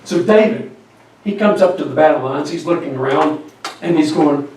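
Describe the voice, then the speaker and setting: A man's voice: a little high, normal speed, darkish tone. A man preaching a sermon, telling a story and asking the congregation questions. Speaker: pastor. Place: church sanctuary. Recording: echoey church hall from far off.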